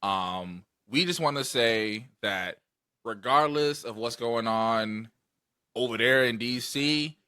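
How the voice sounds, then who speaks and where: A man's voice: mid-range voice, slow, sharp tone, clean tone, no echo, clean studio sound. A young man hosting a podcast, talking in loose slang, laughing and swearing in casual chat. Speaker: podcast host.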